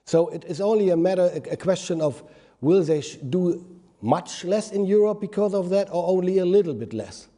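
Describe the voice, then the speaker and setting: A man's voice: sits high, lively intonation, moderate pace, dark tone. A middle-aged man with a strong German accent, a native German speaker, answering at a press conference and searching for his words as he goes. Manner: searching for words, restarts phrases. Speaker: government minister.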